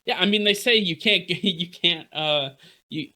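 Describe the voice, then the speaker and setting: Guy cohosting a sports podcast, bright voice, rambly with lots of uhs. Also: high-pitched, unhurried. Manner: rambling, laughing, many fillers and restarts. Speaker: podcast co-host. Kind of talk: casual sports talk.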